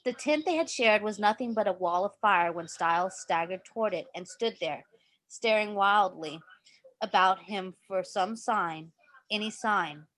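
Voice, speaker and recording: A woman's voice: mid-range voice, measured pace, fairly bright tone. A woman reading a story aloud in a casual way, stumbling now and then and correcting herself. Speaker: reader.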